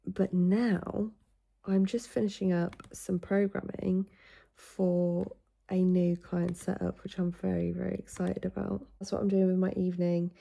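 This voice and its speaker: A young woman from England chats to camera in a relaxed vlog. She is animated and talkative, retelling conversations and swearing freely as she goes. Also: mid-range voice, creaky, dry recording. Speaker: vlogger. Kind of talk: casual vlog chat.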